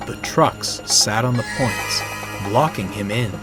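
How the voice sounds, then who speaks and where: A man narrating a children's railway story in a measured, expressive way. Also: medium pitch. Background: loud music.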